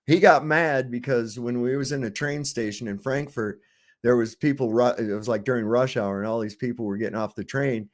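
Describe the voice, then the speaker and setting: A man casually telling stories with swearing, on a video call. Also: medium pitch. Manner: swearing, chatty storyteller. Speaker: debater.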